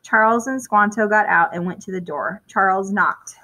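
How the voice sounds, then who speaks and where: A woman reading a children's chapter book aloud at a clear, even storytelling pace. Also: mid-range voice, normal speed, rough recording. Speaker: storybook reader.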